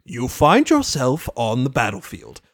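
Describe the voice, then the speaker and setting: A woman's voice: rumbling low, huge pitch swings, measured pace, no room sound, clean studio sound, voice pushed down, heavily acted. A woman voicing a scheming male chaos spirit who runs the game, with a theatrical, drawling, mocking delivery. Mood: gloating.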